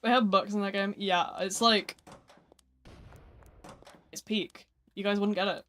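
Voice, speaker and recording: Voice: medium pitch, steady tone, measured pace, sharp tone. A gaming livestreamer in casual, rambling chat, sleepy and yawning, slangy and self-mocking.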